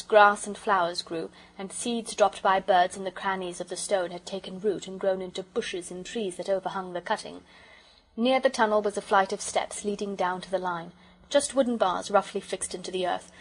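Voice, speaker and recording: A woman narrating a children's audiobook in a gentle, measured storytelling manner. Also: medium pitch, slightly rough, poor audio.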